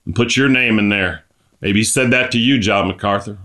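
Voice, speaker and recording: A middle-aged man preaching a sermon, impassioned, reading scripture slowly and climbing to emphatic high peaks. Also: sharp tone.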